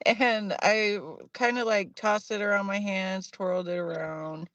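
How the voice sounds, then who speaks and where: A woman's voice: medium pitch, steady tone, moderate pace, a bit bright, no echo. Chatty woman telling her own stories. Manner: chatty, laughs between sentences. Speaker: medium and paranormal investigator guest. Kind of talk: casual storytelling. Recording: dull lo-fi sound.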